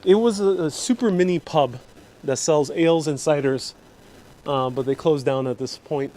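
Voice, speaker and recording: A man's voice: a little high, moderate pace, dark tone. A man hosting a live walking-tour vlog on city streets, chatty and joking as he talks straight to his viewers. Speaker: travel vlogger host.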